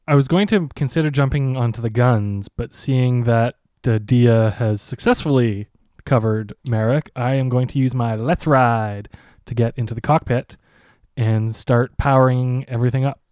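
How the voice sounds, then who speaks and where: An easygoing man takes his turn in a tabletop game, calmly stating his moves. His voice sits mid-range and is recorded dry and close. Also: mid-range voice, measured pace, smooth, no echo. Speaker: player. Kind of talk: casual tabletop game play.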